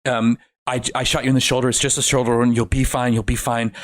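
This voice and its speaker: A man's voice: mid-range voice, little pitch movement, fast talker, close to an everyday voice. A man voicing an injured male doctor who earnestly reassures a companion that they will be okay. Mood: reassuring. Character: wounded, reassuring male doctor trying to stay calm.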